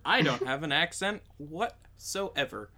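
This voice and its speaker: A man's voice: on the high side, expressive, a little slow, pushed and bright. A man co-hosting a casual podcast chat, trading dry jokes. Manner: joking, dry quips. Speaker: podcast co-host.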